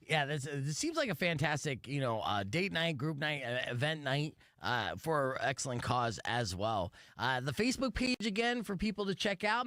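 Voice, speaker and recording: Easygoing guy hosting a podcast, pitch jumps all over, dry close sound. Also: a bit bright, no room sound. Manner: laid-back, filler-heavy, joking. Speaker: podcast host. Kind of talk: casual interview chat.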